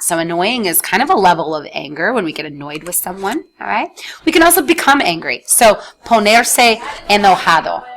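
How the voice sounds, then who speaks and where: A woman's voice: mid-range voice, fairly bright tone. A woman teaching Spanish vocabulary and grammar in a recorded slide lesson, explaining step by step and checking in with "all right" and "okay".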